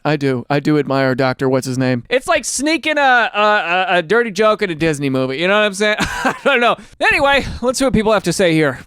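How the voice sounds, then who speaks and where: A man hosts a casual comedic chat, reacting to stories and slipping into exaggerated voices for quotes. His voice sits high and swings widely in pitch. The tone is smooth and clear, and the sound is dry and close. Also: very animated, quick pace, fairly bright tone, dry recording. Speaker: host.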